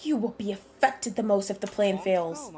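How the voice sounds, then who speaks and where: A woman's voice: medium pitch, moderate pace, a little mellow, natural voice. A woman voicing a cold, condescending male schemer with a haughty, dismissive manner in a video game. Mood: contemptuous.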